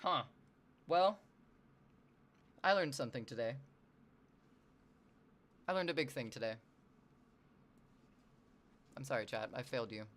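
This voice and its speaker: Casual streamer from the US Northwest chatting with viewers: a bright voice that swings widely in pitch, cursing and poking fun at themselves. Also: unhurried, long pauses. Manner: animated, swears freely, self-deprecating.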